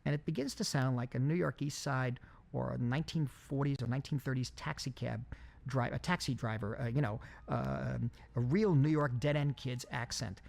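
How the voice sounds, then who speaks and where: A man recording a film commentary, speaking in a halting way with many fillers and restarts. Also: mid-range voice, steady tone, gravelly, a little mellow. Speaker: film director giving commentary.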